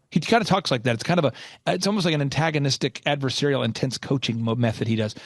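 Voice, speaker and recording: A man's voice: mid-range voice, rapid-fire, no room sound, studio quality. A middle-aged man hosting a business podcast, coaching in an emphatic storytelling way and repeating his key phrases, recorded in his office. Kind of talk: energetic coaching monologue. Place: office with installations going on.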